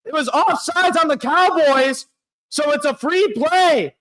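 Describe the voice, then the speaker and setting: A young man hosting a sports show, calling a live game play by play as a fan and reacting loudly, often shouting in disbelief. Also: very high-pitched, a little slow. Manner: excitable, shouting and anguished at big plays. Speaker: sports podcast host.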